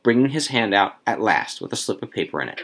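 A man reading a story aloud to a few listeners, expressive, with casual asides. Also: lowish voice, fast talker, gravelly, breathy edge.

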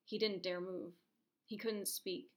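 A woman reading a short story aloud, narrating it at a steady, measured pace and voicing the characters' lines. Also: mid-range voice.

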